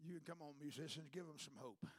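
A man preaching a sermon to his congregation, building to shouted climaxes and calling for a response. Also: a little high, quick pace, dry recording. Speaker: pastor.

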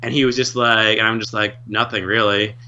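Bright-voiced rambling man. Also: on the low side, little pitch movement, a little fast, highs cut off. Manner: rambling, heavy on filler words and restarts. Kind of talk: casual chat.

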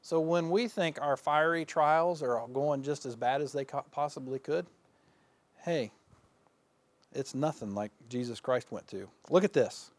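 Folksy man preaching, self-mocking, higher voice. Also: a little slow. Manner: folksy, self-deprecating, laughs often; swings between loud bursts and quiet asides. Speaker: pastor. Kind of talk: sermon.

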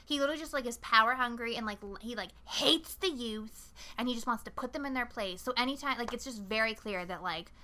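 A woman's voice: a little high, fast talker. A young woman co-hosting a podcast, chatting casually and rambling as she recaps a film, swearing and acting out quotes. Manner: rambling, animated, profane, acts out quotes. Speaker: podcast co-host.

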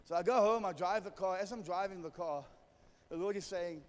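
A man's voice: sits high, brisk, big-room sound, slight background noise. A man preaching a sermon, telling a humorous story and calling for amens. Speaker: pastor.

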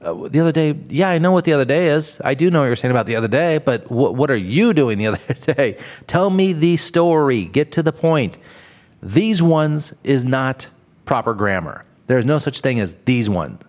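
A man's voice: mid-range voice, animated, fairly quick. A man hosting a solo podcast, ranting bluntly about everyday annoyances, swearing freely and laughing at his own jokes. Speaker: podcast host.

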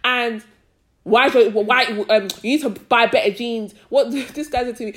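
A young woman talks casually on a podcast. She keeps checking that you follow her, and she gets loud and animated whenever a story riles her. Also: a little high, moderate pace. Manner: chatty, frequent "do you know what I mean", gets loud and animated when ranting. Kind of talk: casual chat.

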